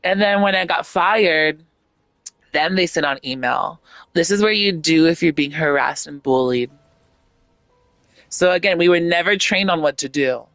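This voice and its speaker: A woman's voice: fairly low pitch, a little slow, long pauses, a bit bright, no room sound, faint music behind. Blunt, outspoken woman streamer. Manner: blunt, outspoken, swears freely, rambles with many fillers. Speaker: gaming streamer. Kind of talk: casual stream chat.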